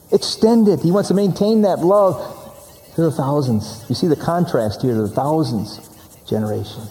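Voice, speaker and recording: A man's voice: on the high side, dark tone, long reverb tail. A man preaching a sermon, stressing and repeating key words as he teaches from scripture.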